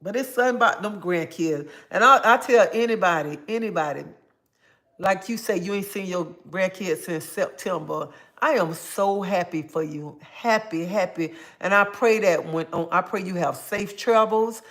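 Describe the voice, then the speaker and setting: A woman's voice: fairly low pitch, moderate pace, a bit bright. Brief: middle-aged woman, livestream host, emphatic and repetitive, calls everyone honey. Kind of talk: casual livestream chat answering viewers.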